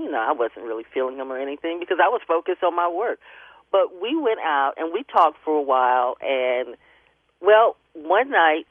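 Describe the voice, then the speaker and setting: A woman's voice: low voice, no echo. Tearful woman calling in on a phone line. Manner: emotional, chatty, laughs through her story. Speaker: caller. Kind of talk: phone-in radio call.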